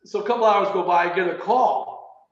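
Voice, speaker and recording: A man casually telling a personal story on a video call, animated and repeating words as he goes. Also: high-pitched, moderate pace. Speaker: meeting participant. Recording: roomy, muffled video call audio.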